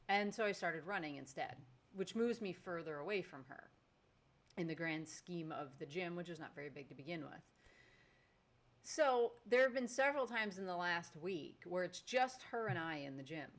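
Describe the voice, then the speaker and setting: A woman co-hosting a podcast, her voice sitting a little on the low side. She tells her story in loose casual chat with lively, exasperated energy. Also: normal speed. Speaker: podcast co-host.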